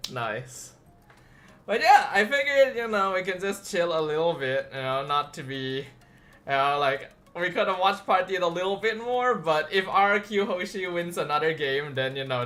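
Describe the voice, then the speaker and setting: A man's voice: a little high, fairly bright tone. A young man chatting casually on his livestream, tired and rambling with lots of fillers and restarts. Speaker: streamer.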